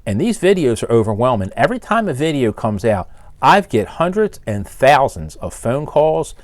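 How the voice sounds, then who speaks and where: A man's voice: mid-range voice, big pitch swings, moderate pace, no echo. A man in his sixties with a Baltimore accent, an engine builder ranting bluntly and with exasperation at his critics in a one-take video. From Maryland, Baltimore area. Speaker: engine builder and shop owner. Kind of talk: one-take rant to camera.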